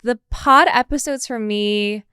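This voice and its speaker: Chatty woman with a smooth clear voice. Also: on the high side, measured pace, no echo, studio quality. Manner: chatty, animated, lots of fillers. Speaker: podcast co-host. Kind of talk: casual chat.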